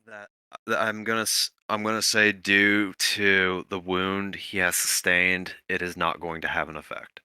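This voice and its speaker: Bright-voiced man running a tabletop game. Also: sits low, little pitch movement, measured pace, clean tone, no echo. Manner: hesitant, restarts often while narrating. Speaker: game master.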